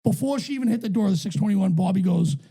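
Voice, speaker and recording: A young man, co-hosting a casual podcast and telling stories in a profane, animated way. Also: high-pitched, rapid-fire, husky. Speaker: podcast co-host.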